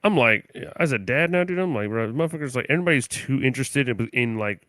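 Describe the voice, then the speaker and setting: A man's voice: mid-range voice, expressive, fast, fairly bright tone, no room sound. Profane rambling young man, dry close sound. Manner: rambling, profane, says "dude" constantly. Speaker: podcast co-host. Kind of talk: casual comedy podcast banter.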